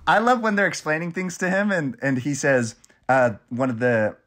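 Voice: medium pitch, moderate pace. A speaker in a casual movie chat, animatedly retelling favorite scenes. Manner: animated, quotes lines between laughs.

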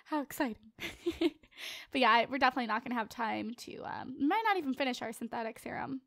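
A woman's voice: a little high, fast, creaky, fairly bright tone, no room sound, studio quality. A teenage girl giving casual, playful commentary as she plays a life-simulation game, chatting and joking with her viewers. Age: late teens. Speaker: let's play host.

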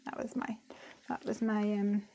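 Woman doing a live craft stream at home, chatty, thinks out loud, slight background hiss. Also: mid-range voice, completely flat delivery, measured pace. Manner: chatty, thinks aloud, easily distracted. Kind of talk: casual chatty craft demo.

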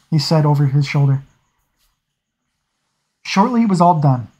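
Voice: medium pitch, expressive, measured pace, long pauses, a little mellow, poor audio. A hobby reader narrating a fantasy novel aloud, often stumbling over words and correcting itself. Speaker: audiobook reader.

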